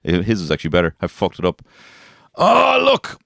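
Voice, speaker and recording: An Irish man in his thirties, a comedian hosting a podcast from his shed, rambling and swearing while high on weed. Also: fairly even intonation, racing, no echo, studio quality. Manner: rambling, swearing, laughing at his own jokes. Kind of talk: rambling comic monologue. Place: garden shed.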